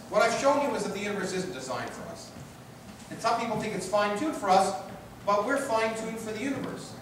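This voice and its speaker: A man's voice: sits high, a bit bright, far from the mic, a little hiss or hum. Canadian man lecturing in an echoey hall. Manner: emphatic and rhetorical, building repeated phrases. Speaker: author giving a public lecture. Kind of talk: public science lecture with a book reading. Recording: echoey hall recorded from afar.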